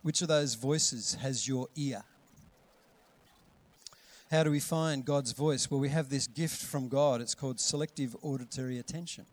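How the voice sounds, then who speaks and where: A middle-aged man, preaching a lively sermon and acting out voices with sudden loud calls. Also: mid-range voice, moderate pace. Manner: animated, acts out voices with big loud calls. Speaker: pastor.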